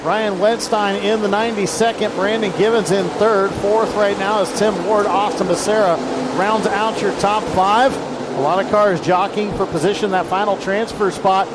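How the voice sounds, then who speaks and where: A man with a high-pitched voice calls a dirt track race in brisk, clipped play-by-play. His voice rides over loud roaring race engines. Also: steady tone. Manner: rapid lineup reading, brisk and clipped. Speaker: race announcer. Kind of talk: play-by-play racing commentary. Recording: race announcing with loud vehicle noise behind. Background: loud race car engines.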